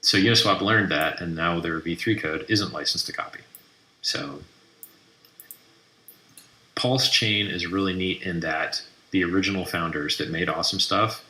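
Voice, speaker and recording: A man's voice: low-pitched, bright, forceful tone. A man hosting a live stream, brashly mocking and trash talking as he reads through posts. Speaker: livestream host. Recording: roomy echoey room.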